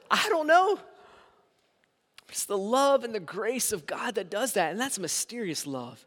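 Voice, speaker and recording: A man's voice: sits high, big pitch swings, a little slow, fairly bright tone. A man preaching a sermon as pastor in a church sanctuary, with emphatic swings in volume. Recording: reverberant hall sound.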